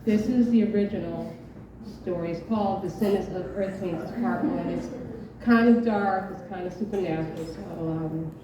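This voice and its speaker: A woman at an open mic, reading her own short story aloud in a measured storytelling voice, with hesitant asides between pieces. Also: fairly low pitch, crowd noise. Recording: echoey dull room from far off.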